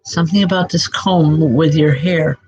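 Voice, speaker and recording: Gentle medium over soft music. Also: female voice, sits low, moderate pace. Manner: gentle, reassuring, addresses viewers by name, many hesitant "um"s. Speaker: spiritual medium giving readings. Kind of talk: live online reading to viewers. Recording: dull lo-fi sound with music behind. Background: background music.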